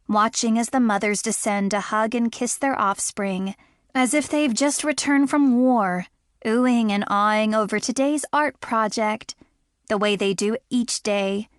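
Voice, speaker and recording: A woman's voice: mid-range voice, no room sound, studio quality. A woman narrating a romance audiobook in the first person, in a reflective, wistful way.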